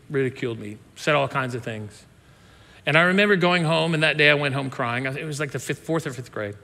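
A man's voice: fairly high pitch, pushed and bright, in a large hall. A man in his fifties, a pastor, telling a personal story in a conversational sermon, often restarting his sentences. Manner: conversational, self-interrupting with restarts.

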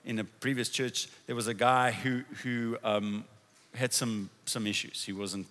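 Bright-voiced man preaching in an echoey hall. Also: mid-range voice, steady tone, unhurried. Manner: rousing, leads congregation in declarations. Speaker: pastor. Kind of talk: sermon. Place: church.

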